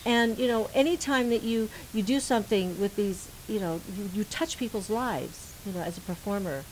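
A woman's voice: medium pitch, moderate pace, rough recording. A woman hosting a radio talk show, chatting casually and laughing often. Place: radio studio. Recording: faint hiss.

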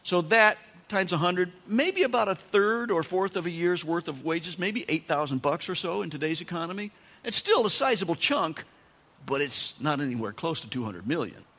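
A pastor preaching a sermon, telling the story with animated asides and dramatic emphasis. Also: male voice, high-pitched, normal speed. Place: church sanctuary. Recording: long church-hall reverb.

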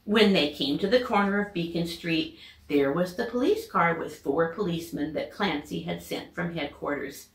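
A woman teacher reading a children's storybook aloud with expressive, lively character voices. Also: fairly low pitch, normal speed, vocal fry, roomy sound.

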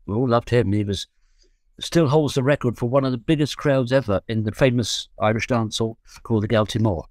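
A guest musician in his seventies from London talks a little fast in a slightly mellow, mid-range voice. He spins relaxed, rambling tales of his younger days, full of jokes and self-corrections, in a dry studio-quality recording.

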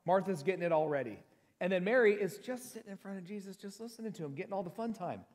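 A middle-aged male pastor with a fairly high voice, preaching a sermon in a casual, joking way. He tells personal stories and slows down to stress scripture. His voice rings with the long reverb of a church hall. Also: animated. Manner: reads scripture slowly and with emphasis. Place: church sanctuary.

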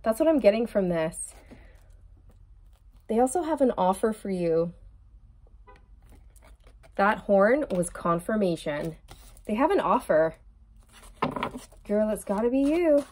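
A woman's voice: medium pitch, big pitch swings, slow, pauses often, darkish tone. A young adult woman giving a chatty tarot reading straight to her viewer, laughing often and calling her girl. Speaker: tarot reader.

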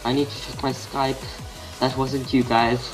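A man's voice: medium pitch, level tone, a little slow, soft background music. A man with an Australian accent giving casual gameplay commentary, thinking aloud and muttering half-finished sentences to himself. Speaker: gaming channel host.

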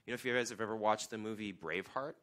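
A man's voice: on the low side, racing, a bit bright. A man in his thirties, a guest pastor, preaching a sermon in a conversational way with emphatic questions.

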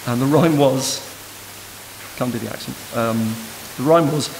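Brief: man, academic lecturer, measured and thoughtful, with a gravelly edge. Recorded in a reverberant room with hiss. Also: mid-range voice, darkish tone. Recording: noisy hiss in a reverberant hall.

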